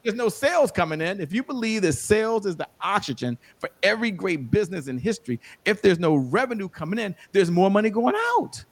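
A man speaking as an interview guest, telling animated stories and giving motivational encouragement in a conversational style. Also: high voice, a little fast, few pauses. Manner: animated storyteller, preachy encouragement. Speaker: guest, show host and sales coach.

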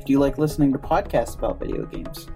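A woman reading a podcast promo with lively rhetorical questions. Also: extremely low pitch, fast talker. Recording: faint music behind.

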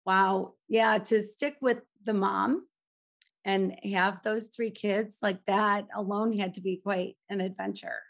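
A woman's voice: mid-range voice, fairly even intonation, slow pace, vocal fry. A woman co-hosting an interview, talking in an effusive, emotional way. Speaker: co-host. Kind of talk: casual interview chat.

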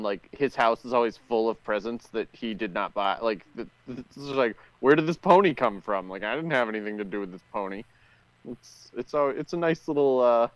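A man's voice: mid-range voice, no echo, highs cut off. A man co-hosting a podcast in casual chat, rambling with lots of "like" and putting on voices for quotes. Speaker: podcast co-host.

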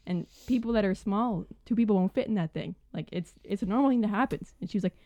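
A young woman telling a work story casually on a podcast, animated and full of "like" fillers. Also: mid-range voice, fast talker, dry recording.

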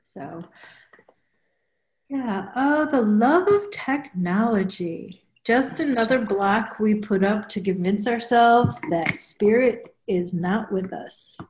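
A woman spiritual counselor chatting casually on a group video call, explaining in an unhurried way and often repeating herself. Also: mid-range voice, expressive, darkish tone, slight background noise. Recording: roomy echo.

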